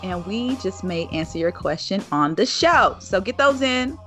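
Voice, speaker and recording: A woman's voice: medium pitch, animated, normal speed, fairly bright tone, faint music behind. A woman co-hosting a podcast, chatting casually and laughing often as she wraps up the show. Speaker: podcast co-host.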